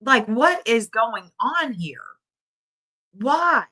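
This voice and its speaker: Middle-aged woman host, indignant and scolding, slow deliberate delivery, bright edge. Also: medium pitch, expressive. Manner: indignant, scolding, repeats phrases for emphasis. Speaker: livestream commentator. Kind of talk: emotional commentary livestream.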